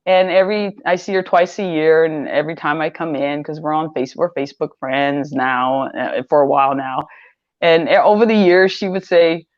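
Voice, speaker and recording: A woman's voice: deep voice, normal speed, no room sound, highs cut off. Older woman rambling through a story. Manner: rambling, repeats words, animated when quoting others. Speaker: interview guest, online seller. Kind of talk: casual interview storytelling.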